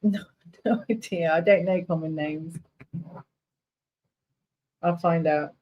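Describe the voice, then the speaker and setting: A woman's voice: on the low side, slow. Giggly woman on a phone call. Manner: giggly, playful, corrects pronunciation. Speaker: livestream co-host. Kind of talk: casual chat. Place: home. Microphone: phone on a video call.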